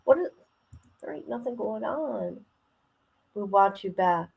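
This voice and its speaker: Woman, livestream host, casual chat, unhurried delivery, mid-range voice, chatty and colloquial. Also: mid-range voice, animated, vocal fry, darkish tone, husky, rough recording. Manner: chatty, colloquial, laughs often; reads viewer comments aloud.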